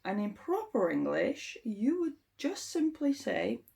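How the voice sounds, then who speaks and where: A woman giving an informal language lesson, explaining step by step in an unhurried way with frequent ums. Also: a little high, very animated, vocal fry, a little mellow. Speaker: English teacher.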